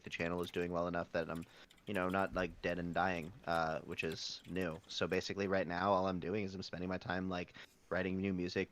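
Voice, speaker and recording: A man with a very deep voice hosts a casual podcast chat. He rambles in a relaxed way, breaking into bursts of excitement. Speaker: podcast host.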